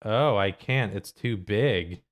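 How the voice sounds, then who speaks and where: A man's voice: lowish voice, slow pace. A man hosting a casual podcast chat, joking around and laughing often. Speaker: podcast host.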